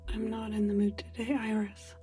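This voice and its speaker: A woman's voice: mid-range voice, flat delivery, moderate pace, dark tone, close to an everyday voice. An actress playing a stern, impatient young woman in a video game, scolding in a clipped way. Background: faint game music.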